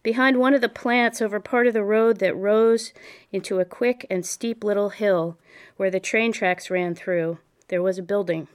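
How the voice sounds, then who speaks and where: A woman narrating a memoir audiobook in a measured, reflective way. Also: mid-range voice, fairly even intonation, smooth.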